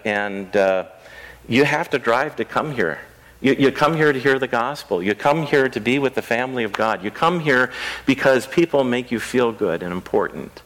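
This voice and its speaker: This low-quality clip captures a man of medium pitch with a somewhat bright tone. He's a pastor giving the children's message at a country church, speaking casually and asking the youngsters easy questions.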